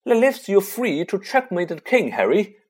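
A man voicing a determined teenage boy, speaking urgently and insistently in a husky voice. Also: high-pitched, very animated, normal speed, pitched above the performer's own voice, exaggerated voice. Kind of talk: audiobook reading.

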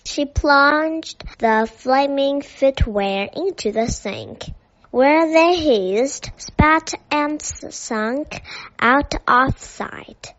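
Slow, high-voiced woman storyteller. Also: animated, a bit bright. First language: Chinese. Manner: slow, careful read-aloud. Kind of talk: reading a children's story aloud. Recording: dull lo-fi recording.

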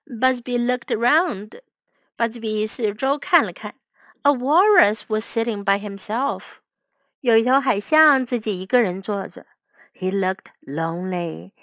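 Bright-voiced woman reading a bilingual storybook. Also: fairly high pitch, unhurried, dry recording. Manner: reads each line in English then Chinese. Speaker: English teacher.

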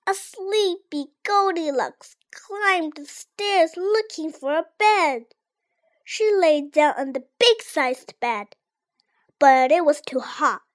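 A child reads a storybook aloud with a high, lively voice that rises and falls a lot. The reading is slow and careful, each phrase set apart. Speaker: reader.

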